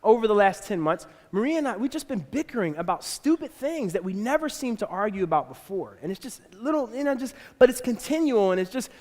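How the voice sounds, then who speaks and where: A man's voice: sits high, in a large hall. A man preaching a sermon in a church, telling a personal family story and acting out the voices of his kids and wife. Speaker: pastor. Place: church auditorium.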